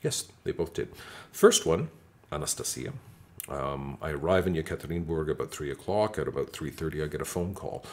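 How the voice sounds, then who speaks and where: A man's voice: a bass voice, expressive, a little fast, darkish tone. A man casually telling a travel story in an interview, acting out the dialogue as he goes. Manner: acts out quoted dialogue, many restarts.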